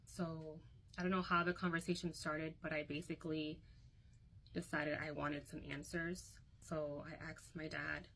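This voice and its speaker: A woman's voice: sits low, flat delivery, moderate pace, fairly bright tone, poor audio. A young woman recounting a painful personal story to her phone, candid and emotional, often quoting others.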